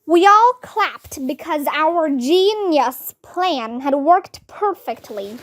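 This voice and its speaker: Slow, high-voiced woman reading a storybook. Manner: lively, voices each character with raised pitch. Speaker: children's book reader. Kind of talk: reading a children's chapter book aloud.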